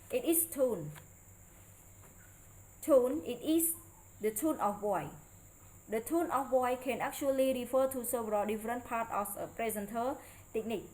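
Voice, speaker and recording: A woman's voice: fairly high pitch, darkish tone, low-quality recording. Woman reading a presentation aloud carefully. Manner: careful, halting read-aloud delivery with non-native grammar. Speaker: student presenter. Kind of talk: read presentation lecture.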